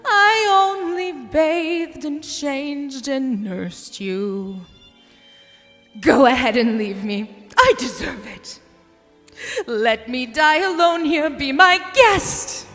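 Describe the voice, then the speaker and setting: A woman's voice: high-pitched, drawn-out words, fairly bright tone, long reverb tail, faint music behind, heavily acted. A woman playing a possessive, manipulative mother, singing and speaking her lines with theatrical drama in a live cabaret. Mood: theatrical guilt-trip. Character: possessive manipulative middle-aged mother, guilt-tripping.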